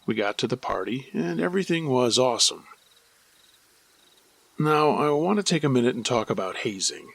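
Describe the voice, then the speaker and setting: Guy reading a scary story out loud, gravelly and husky, steady pace. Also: mid-range voice, moderate pace, long pauses, no echo. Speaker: storyteller and host. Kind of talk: first-person scary story narration.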